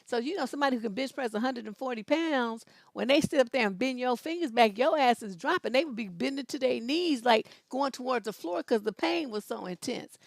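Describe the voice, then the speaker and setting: A woman in her fifties hosting an advice show, telling stories bluntly with loud, profane emphasis. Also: a little high, animated, a little fast, creaky, few pauses, no room sound. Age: 50s.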